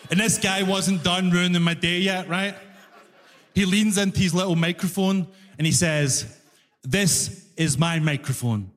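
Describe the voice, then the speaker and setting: A Glaswegian man doing stand-up with a fairly high voice, ranting and acting out both sides of an argument. His voice carries through a large hall with a long, lingering reverb. It is a live concert recording. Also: steady tone, moderate pace, fairly bright tone. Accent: Glaswegian Scottish. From Glasgow, Scotland. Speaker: stand-up comedian. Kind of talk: stand-up storytelling.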